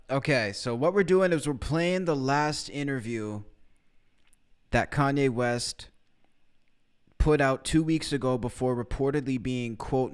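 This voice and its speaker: A man's voice: mid-range voice, clear, resonant tone. Man hosting a livestream recap. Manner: explains to the chat directly. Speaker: podcast host. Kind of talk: livestream commentary.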